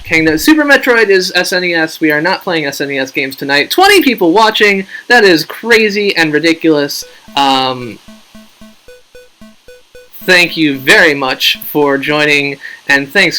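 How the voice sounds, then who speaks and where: A man's voice: fairly high pitch, animated, measured pace, pushed and bright, soft background music, rough recording. A man hosting a casual game live stream, rambling, joking at his own expense and reading out viewer names.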